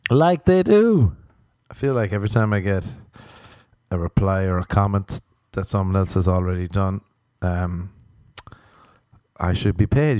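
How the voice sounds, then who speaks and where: A man's voice: lowish voice, mellow, no room sound, studio quality. A young man hosting a solo comedy podcast, rambling through irreverent, sweary jokes. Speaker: podcast host.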